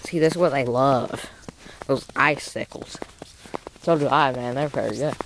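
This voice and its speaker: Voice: mid-range voice, normal speed, a bit bright, a little hiss or hum. A vlogger rambling and joking in a goofy way while filming outdoors in snowy countryside on a handheld camera. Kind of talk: casual outdoor vlog.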